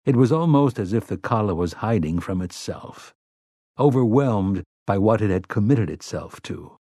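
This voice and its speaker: A man narrating an audiobook in a measured, even delivery on a close mic. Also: on the low side, no room sound. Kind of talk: scripted narration.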